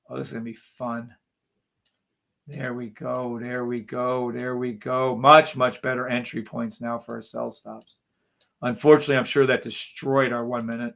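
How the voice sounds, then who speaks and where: A man's voice: mid-range voice, level tone, moderate pace, gravelly, a bit bright. A man hosting a live trading stream, talking viewers through charts with repeated coaxing calls.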